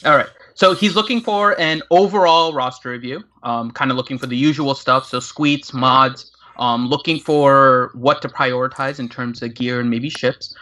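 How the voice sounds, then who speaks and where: A man's voice: mid-range voice, normal speed, sharp tone, rough recording. Methodical male co-host explaining. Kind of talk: casual livestream chat.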